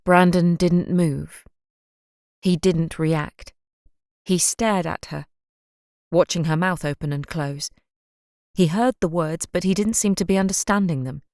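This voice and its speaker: Audiobook narrator, woman, low and slow, dry booth sound. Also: a little mellow, no room sound. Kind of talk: scripted narration.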